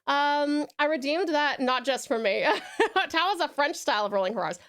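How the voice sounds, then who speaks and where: On a live stream, a woman with an Australian accent chats casually, reads the chat aloud, and calls viewers darling and sweetheart while demonstrating purring and rolled R's. Her voice is high-pitched, expressive, a bit bright, and moderately paced.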